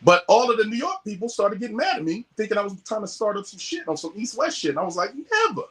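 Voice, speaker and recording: Animated, high-pitched man telling stories. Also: quick pace. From US West Coast. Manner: animated, swearing, acts out quoted voices. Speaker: podcast guest. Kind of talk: casual storytelling.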